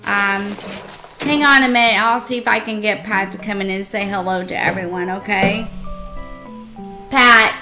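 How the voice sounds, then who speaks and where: A woman streaming herself playing a cozy game, chatting casually with viewers and gushing with excitement over what she builds. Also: mid-range voice, moderate pace, soft background music. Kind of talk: casual live-stream chat while playing.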